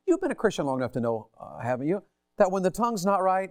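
A man's voice: high-pitched, sing-song, fast, no echo, clean studio sound. A man preaching a sermon, telling folksy stories and asking the congregation rhetorical questions.

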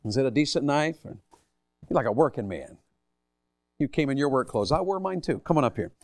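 A man's voice: mid-range voice, expressive, brisk, darkish tone. A middle-aged man preaching a sermon, calling on the audience with a folksy, teasing manner. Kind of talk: interactive sermon. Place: church hall.

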